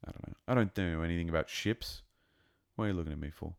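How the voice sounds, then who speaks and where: A man giving a casual, rambling and excitable review of a TV episode. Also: low-pitched, quick pace, creaky. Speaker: show reviewer.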